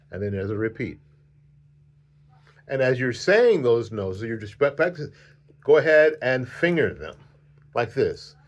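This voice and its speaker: A man's voice: mid-range voice, big pitch swings, measured pace, long pauses. A man teaching a flute lesson on video, patient and repetitive, counting the student in.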